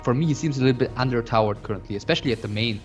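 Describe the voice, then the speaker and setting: A man co-commentating a strategy game match in an analytical way, pausing often with fillers. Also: medium pitch. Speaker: esports co-commentator. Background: background music.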